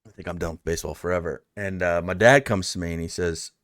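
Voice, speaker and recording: A man's voice: low-pitched, steady tone, fast talker, fairly bright tone, no echo, studio quality. A man hosting a casual interview, rambling through a heartfelt story with many fillers. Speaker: podcast host.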